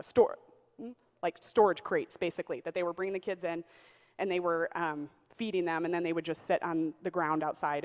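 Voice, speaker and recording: A woman in her thirties, a pastor with a twangy voice, telling a lively testimony in church with lots of fillers. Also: fairly low pitch. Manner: animated storytelling, many "uh" fillers. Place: church sanctuary. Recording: long church reverb.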